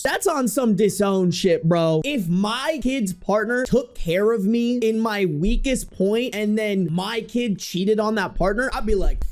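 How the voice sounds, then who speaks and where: A young woman reads online posts aloud for her audience, then cuts in with her own reactions. Her voice swings widely up and down in pitch. She swears freely and talks in loose, casual slang. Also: expressive, unhurried, hardly any pauses, a little mellow. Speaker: online streamer reading reddit posts. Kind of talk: reading stories aloud with reactions.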